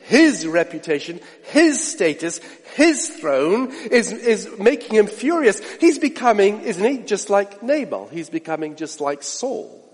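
Male preacher, high animated voice, sermon with rhetorical questions and hushed asides, long hall reverb. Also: measured pace, few pauses, husky.

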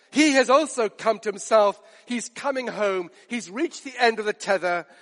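A man preaching a sermon, dramatic, drawing out quoted lines slowly and softly for emphasis. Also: high-pitched, in a large hall.

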